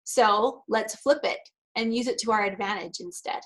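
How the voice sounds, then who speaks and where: A woman's voice: medium pitch, normal speed, a bit bright, rough recording. A woman giving a virtual conference talk as a practitioner, telling a story conversationally with laughs and then reading prepared remarks. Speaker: NLP practitioner and speaker.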